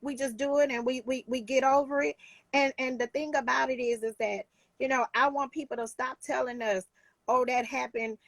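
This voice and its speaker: A woman's voice: high voice, fairly even intonation, fairly quick, vocal fry, dry recording. A woman life coach talking in a casual talk show, emphatic and heartfelt, with many restarts.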